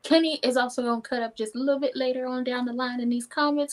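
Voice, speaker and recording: A woman's voice: high-pitched, fairly even intonation, quick pace. A woman co-hosting a casual live stream, relaying viewers' comments from the chat.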